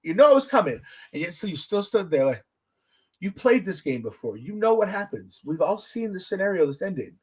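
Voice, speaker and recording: A man hosting a podcast, telling stories in a casual, profane, animated way. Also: brisk, breathy edge. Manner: animated, profane storytelling with big pitch swings. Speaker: podcast host.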